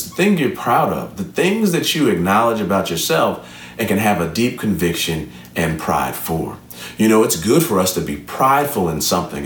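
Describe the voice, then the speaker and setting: A man telling a fable and drawing an earnest, preacher-like motivational lesson from it. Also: sits low. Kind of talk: motivational storytelling talk. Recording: roomy echo, from a distance.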